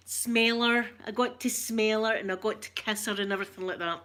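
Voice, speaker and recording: Chatty Scottish woman, bright voice. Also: medium pitch, steady tone, normal speed. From Scotland. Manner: rambling, emotional, chatty; greets live chat viewers. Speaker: vlogger talking to viewers. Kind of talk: casual storytelling chat.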